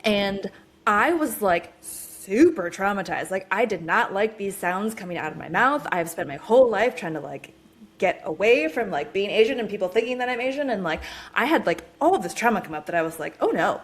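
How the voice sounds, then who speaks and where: A woman with an American accent hosts a podcast in an easy, chatty manner. She strings thoughts together with quick asides and filler words. Her voice sits at an ordinary middle pitch. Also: animated. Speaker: podcast host. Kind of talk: casual podcast conversation.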